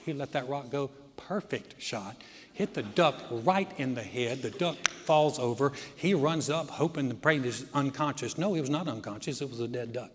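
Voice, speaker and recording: Earnest storytelling pastor in a reverberant church. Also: male voice, medium pitch, moderate pace, a little hiss or hum. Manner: folksy storytelling, earnest and direct. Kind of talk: sermon.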